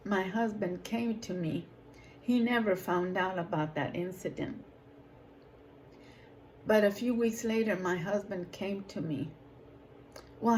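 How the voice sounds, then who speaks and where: Woman, ministry leader, slow unhurried delivery, emotional testimony, emphatic rises, faint background noise. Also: mid-range voice, darkish tone, poor audio. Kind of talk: personal testimony.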